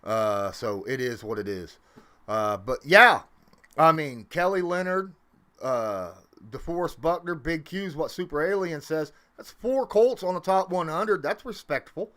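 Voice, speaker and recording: A man hosting a casual livestream from his home, rambling with lots of fillers and swinging up and down in pitch and loudness. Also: expressive, unhurried. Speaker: livestream host.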